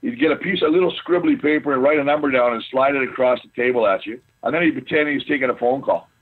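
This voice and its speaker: A man's voice: mid-range voice, fast, husky, phone-quality sound. A middle-aged man, a former pro football lineman, telling boisterous stories in casual chat and swearing freely. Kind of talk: casual storytelling.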